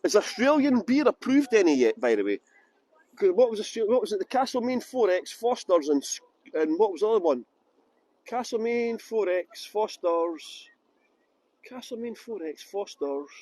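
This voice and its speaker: A man's voice: sits high, big pitch swings, fast, mellow, husky. A middle-aged tour guide chatting casually on a livestream outdoors in a busy city, joking and rambling as he greets viewers by name into a handheld phone.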